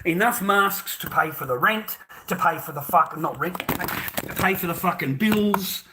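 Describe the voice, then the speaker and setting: A man's voice: high-pitched, unhurried, background noise. A middle-aged Australian man in a heated, profane rant, scornful and laughing bitterly. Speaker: vlogger. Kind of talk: angry ranting monologue.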